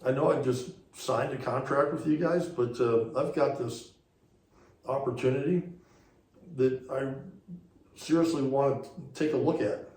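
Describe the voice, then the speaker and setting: A former racing series director, appearing as a guest on an interview show, rambles casually through a story, saying "he goes" again and again as he retells conversations. His mid-range, slightly mellow voice moves a little slowly with frequent pauses, and the poor, reverberant audio sounds recorded from a distance.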